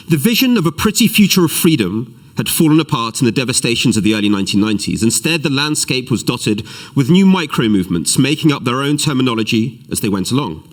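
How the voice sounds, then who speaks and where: A man giving a live-streamed lecture as an author, animated, with self-deprecating asides and readings from his book. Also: mid-range voice, fast talker. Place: event hall, live streamed.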